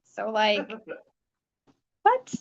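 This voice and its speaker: A woman's voice: mid-range voice, sing-song, very slow, gravelly, no echo. A woman joining a casual live chat, talking breezily with lots of fillers. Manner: chatty, filler-heavy, breezy. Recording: muffled lo-fi audio.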